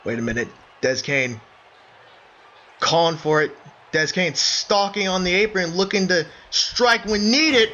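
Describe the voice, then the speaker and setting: Excitable high-voiced wrestling commentator man. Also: measured pace. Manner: excitable, keeps breaking into shouts of surprise; addresses listeners as folks. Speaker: play-by-play commentator. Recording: dull lo-fi recording with faint noise.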